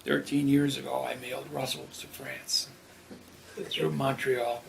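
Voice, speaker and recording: A man's voice: mid-range voice, little pitch movement, a little slow, gravelly, crowd noise, poor audio. A man speaking in casual conversation who tells stories in a matter-of-fact way. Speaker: interviewee.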